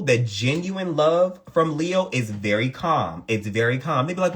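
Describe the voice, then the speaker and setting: Animated man doing an astrology reading. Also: unhurried, hardly any pauses, slight background noise. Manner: animated, acts out quotes in a higher voice; repeats lines for emphasis, colloquial. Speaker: astrology reader. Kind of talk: casual astrology talk to camera.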